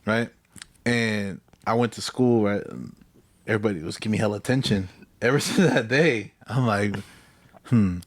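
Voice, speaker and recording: A man's voice: fairly low pitch, normal speed, no room sound. Man, young adult, profane storyteller, casual chat. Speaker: podcast co-host.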